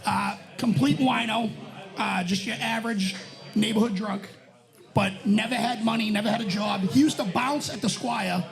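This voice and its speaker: A man's voice: high voice, moderate pace, gravelly, soft background music. A man, a regular on a live bar podcast, telling neighborhood stories in a laid-back, laughing way. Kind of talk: casual storytelling among friends.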